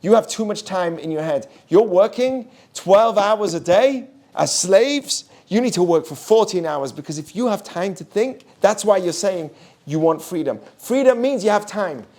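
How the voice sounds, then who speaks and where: A man's voice: high voice, expressive, moderate pace, darkish tone. A man voicing a scornful, arrogant male Pharaoh who gives orders in a dismissive tone.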